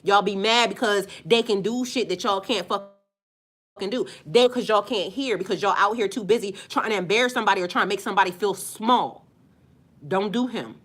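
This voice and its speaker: A woman's voice: medium pitch, moderate pace, fairly bright tone. A woman working as a spiritual life coach, ranting in a heated, profane, emphatic vlog monologue.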